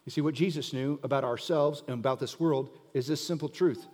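A man's voice: on the high side, a little fast, few pauses, a little mellow. A middle-aged man preaching a sermon as pastor, emphatic and asking the listeners pointed questions. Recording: long hall reverb.

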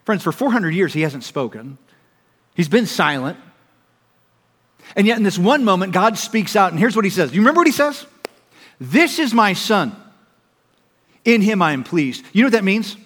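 A man with a somewhat high voice preaches a sermon in a church auditorium. He is emphatic, rising to loud appeals and falling to soft, hushed pleas. Long reverb from the large hall trails his words. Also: lively intonation, brisk, long pauses. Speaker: pastor.

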